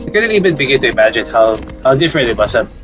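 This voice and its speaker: An earnest, faltering young woman in a visual novel, read by a man in his own mid-range voice, often restarting phrases, with soft game music behind. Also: medium pitch, very animated, rapid-fire, lightly acted. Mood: curious. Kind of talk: reading visual novel dialogue aloud.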